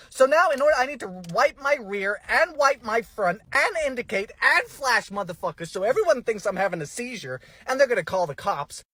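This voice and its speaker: A man's voice: very high-pitched, bright, forceful tone, slightly rough, no room sound. A man ranting to his phone camera, exasperated, profane and theatrical, often from inside his car. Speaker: comedy content creator. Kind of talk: comic rant to camera.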